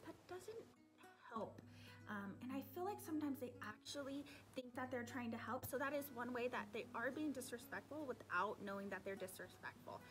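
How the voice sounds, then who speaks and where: Young woman teacher, casual vlog advice, animated and higher-pitched, faint music bed. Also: a little fast, hardly any pauses. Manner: animated, acts out her students' voices, drops into asides. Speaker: sixth-grade teacher. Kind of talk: casual talk to camera giving advice.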